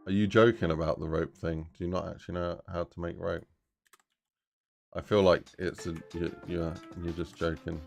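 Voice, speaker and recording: Low gravelly man streaming. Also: fairly even intonation, moderate pace, soft background music. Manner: rambling, thinks aloud, talks to chat. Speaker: streamer making a game map. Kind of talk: casual live-stream chat while working.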